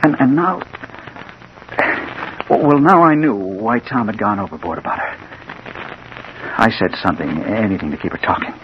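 An actor playing a hard-boiled crime reporter who narrates and pleads urgently in a 1940s radio drama. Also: male voice, lowish voice, expressive, normal speed, pauses often. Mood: brooding. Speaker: narrator and lead. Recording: muffled old radio recording with clear hiss.

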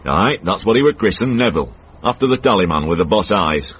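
An actor playing a cantankerous older northern man in a radio comedy drama, blunt and gruff with a Northern English accent. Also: deep voice, expressive, fairly quick, fairly bright tone, slight background noise. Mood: grumbling. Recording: dull old radio broadcast.

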